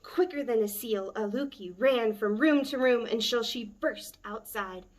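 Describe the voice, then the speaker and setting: A woman, a children's librarian, reading a picture book aloud at story time with a gentle, expressive manner. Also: on the high side, measured pace.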